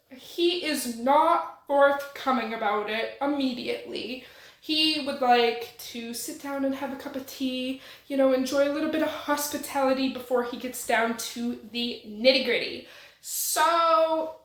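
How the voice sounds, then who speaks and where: A woman's voice: sits high, fairly bright tone. A woman recapping a thriller novel in a chatty, slangy way with playful asides to the viewer. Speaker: book reviewer. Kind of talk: casual book recap. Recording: roomy echo.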